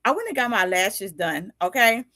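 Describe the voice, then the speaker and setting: Animated, chatty woman in her fifties. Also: medium pitch, normal speed, no echo. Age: 50s. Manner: animated and chatty, laughing often and acting out little dialogues. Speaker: podcast host and life coach. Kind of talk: casual live video chat.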